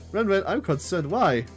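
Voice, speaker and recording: A woman streaming a game who reads the dialogue aloud and reacts in an excitable way, laughing often and swearing freely. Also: mid-range voice, takes it slowly, faint music behind. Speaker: VTuber streamer.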